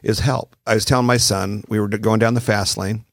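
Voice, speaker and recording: A man's voice: fairly low pitch, a little fast, creaky, no room sound, studio quality. A man in his forties hosting a podcast, chatting casually and acting out dialogue as he tells stories. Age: 40s. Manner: animated storyteller acting out dialogue. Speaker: podcast host. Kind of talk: casual conversation.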